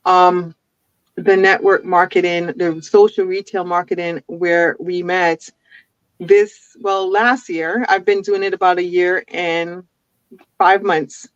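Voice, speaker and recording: A woman's voice: fairly low pitch, dry recording. Woman guest on a video call, chatty, restarts a lot, dry dull sound. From an island. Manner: chatty, laughs often, many restarts. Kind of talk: casual interview chat. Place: home with a forest backdrop.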